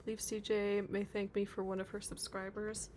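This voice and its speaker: A woman's voice: medium pitch, monotone, moderate pace, a little mellow, a little hiss or hum. A woman streaming live, chatting casually and reading out viewer comments, with lots of filler words. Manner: chatty, reads chat aloud, many fillers. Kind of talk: casual livestream chat.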